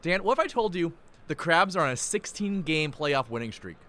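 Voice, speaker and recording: A young man announcing live play-by-play, punchy, excitable and energetic, jumping all over the place. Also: fairly high pitch, fairly quick.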